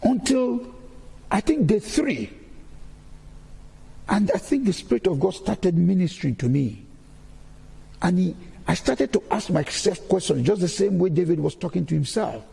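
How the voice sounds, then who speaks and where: A man's voice: sits high, big pitch swings, measured pace, creaky, pauses often, dark tone, husky, in a large hall. A man giving a sermon-style testimony in a church, repeating key phrases as he preaches.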